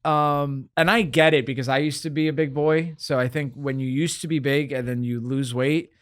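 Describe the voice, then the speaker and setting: A man's voice: medium pitch, fairly even intonation, moderate pace, fairly bright tone, clean tone. A man hosting a podcast in casual chat, rambling and joking with many restarts. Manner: rambling, self-interrupting, joking. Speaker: podcast host.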